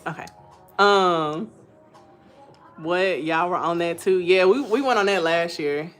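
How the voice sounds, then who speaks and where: A young woman chatting on a live stream in a slightly low voice, reading comments and telling animated stories with frequent laughter. Faint music plays behind her. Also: slow. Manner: animated storytelling, laughs often. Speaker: content creator hosting a live stream.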